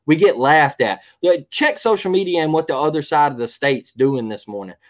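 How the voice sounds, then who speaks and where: A man's voice: a little high, animated, moderate pace. Heated man ranting about sports. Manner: heated, repetitive, keeps asking "all right?". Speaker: podcast co-host. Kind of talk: sports podcast rant.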